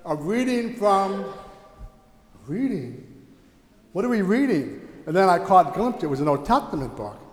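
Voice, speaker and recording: A middle-aged man speaking to a congregation, telling a personal story with animated exclamations. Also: fairly high pitch. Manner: animated, exclaiming, retelling with rising excitement. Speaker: church speaker teaching about the mass. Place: church. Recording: echoey church hall.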